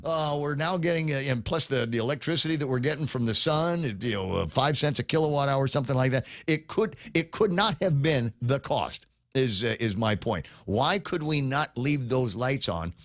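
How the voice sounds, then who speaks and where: A man hosts a morning radio talk show in a casual, rambling way, full of fillers and restarts. His voice sits at an ordinary middle pitch. The sound is close and dry, with no room echo. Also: expressive, moderate pace. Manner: rambling, with many fillers and restarts, reads listener comments. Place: radio studio.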